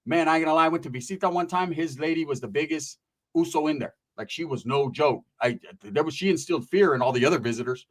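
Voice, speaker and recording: Speaking quickly with a fairly high pitch, a male channel host shares easygoing stories from prison. He uses blunt, foul-mouthed street slang and checks in often with "right?"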